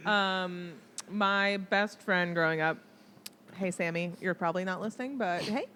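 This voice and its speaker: A woman from the Los Angeles area co-hosting a comedy podcast, reacting quickly with laughing asides. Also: lowish voice, sharp tone, slight background noise. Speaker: podcast co-host. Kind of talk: casual comedic chat.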